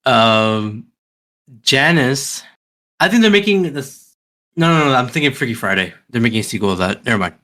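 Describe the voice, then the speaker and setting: A man's voice: mid-range voice, lively intonation, normal speed, sharp tone. A man co-hosting a podcast, recapping a movie plot in loose, hesitant casual chat full of fillers. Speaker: podcast co-host.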